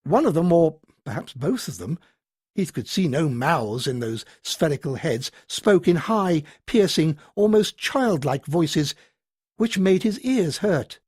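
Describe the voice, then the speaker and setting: A male audiobook narrator telling a tense science fiction scene with dramatic expression. His pitch moves in a lively way, and his voice has a slight husky edge. The recording sounds dry and close. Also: a little slow, dry recording. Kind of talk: scripted narration.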